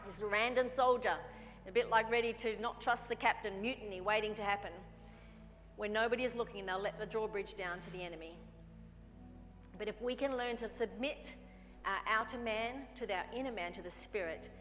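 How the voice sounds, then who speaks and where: Bright-voiced woman preaching in a hall. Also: medium pitch, a little fast, soft background music. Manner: conversational, acts out dialogue with herself. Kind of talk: sermon. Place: church hall.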